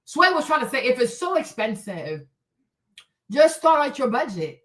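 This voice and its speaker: A woman's voice: high-pitched, sing-song, moderate pace, a bit bright. A woman host, delivering an unscripted, heated and profane commentary rant, emphatic and repetitive. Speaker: livestream host.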